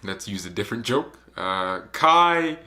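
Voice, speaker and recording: A young man hosting a casual football fan vlog, joking and animated, often putting on mocking voices. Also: on the low side, unhurried. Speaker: football channel host.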